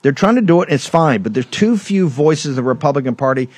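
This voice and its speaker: A man's voice: on the high side, expressive, brisk, a little mellow, breathy edge, no room sound. A man hosting a political talk show, ranting emphatically and combatively, rambling with restarts. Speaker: show host.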